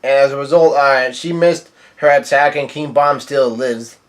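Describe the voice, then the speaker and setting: A man's voice: medium pitch, normal speed. A young man casually recapping a manga chapter page by page, rambling with lots of fillers and restarts. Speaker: manga reviewer.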